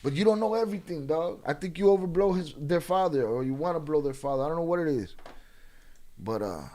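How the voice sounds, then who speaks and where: A man with a fairly high voice, streaming live and clapping back at his chat. He argues in a blunt, profane way, repeats questions back at commenters, and trips over restarts as he pushes his point. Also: animated, brisk, warm tone. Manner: combative, profane, arguing with commenters.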